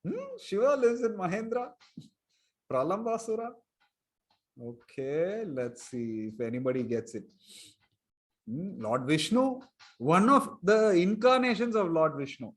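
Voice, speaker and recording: A man with a high voice, big pitch swings, a slightly slow pace and long pauses shares a story with kids in an online lesson. He chuckles now and then and asks them questions.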